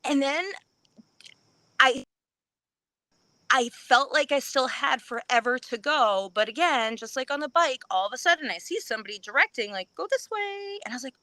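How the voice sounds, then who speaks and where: A woman on a live podcast, telling a story with lively energy, acting out what people said and laughing often. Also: high-pitched, normal speed, long pauses, dry recording. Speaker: podcast guest. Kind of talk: excited race recap.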